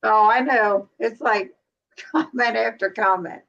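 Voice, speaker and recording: A woman's voice: a little high, vocal fry, fairly bright tone, lo-fi sound. Chatty woman hosting a live stream. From Cincinnati, USA. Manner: chatty, laughs often, quick asides. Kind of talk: casual chat.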